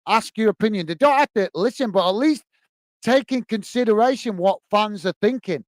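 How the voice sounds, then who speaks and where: On a dry recording, a man with a high, expressive voice talks at a moderate pace while hosting a football watch-along stream live. He rants with passion and chats with viewers, calling them mate, in between commentary on the match.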